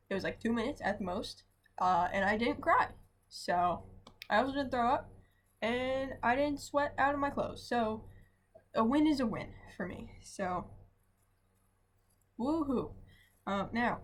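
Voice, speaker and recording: A young adult woman, a student, telling a casual diary vlog from home in a rambling, chatty way that keeps asking "right?". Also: mid-range voice. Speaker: vlogger, student.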